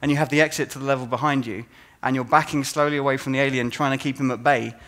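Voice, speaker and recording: A man's voice: mid-range voice, fast talker. A man giving a conference talk as a game designer, telling stories and acting out players' reactions. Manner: animated storytelling, acts out players' reactions.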